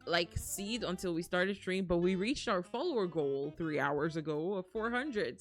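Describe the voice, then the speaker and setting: A young woman chats with her live-stream viewers from home, her fairly low voice swooping up and down with animated energy. She rambles and restarts her sentences, and keeps breaking into excited gasps and laughter. Soft music plays faintly behind her. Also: normal speed. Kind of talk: casual live-stream chat.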